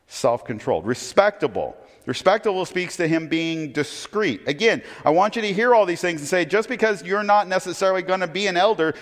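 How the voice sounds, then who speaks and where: Man preaching a chatty sermon, hall reverb. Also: sits high. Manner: conversational, asks the audience rhetorical questions. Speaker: pastor. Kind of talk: expository sermon.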